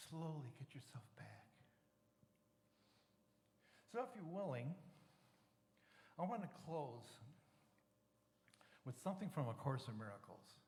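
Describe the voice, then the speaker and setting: A man's voice: mid-range voice, expressive, measured pace, long pauses, a little mellow. An older man giving a sermon as a guest speaker, telling personal stories in a conversational way and asking the congregation questions. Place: church sanctuary. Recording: roomy hall with long reverb and faint noise.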